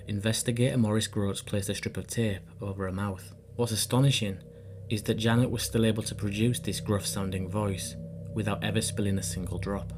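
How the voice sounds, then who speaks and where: A man narrates in an earnest, emphatic way, his voice sitting a little low. Background music plays clearly under him, and he moves from scripted storytelling into casual talk with his viewers. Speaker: host and narrator.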